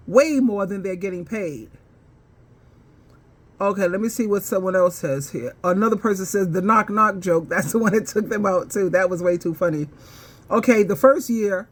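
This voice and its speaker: A woman vlogger telling a story and reading viewer comments in casual commentary, rambling with fillers and laughing heartily between lines. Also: mid-range voice. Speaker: advice coach and vlogger.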